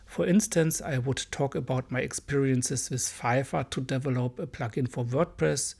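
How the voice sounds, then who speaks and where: A man with a German accent, English not his first language, talks through his own podcast in a careful, earnest way. His voice is gravelly and a little husky, at an ordinary pitch. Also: darkish tone. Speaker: podcast host. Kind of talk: solo podcast monologue.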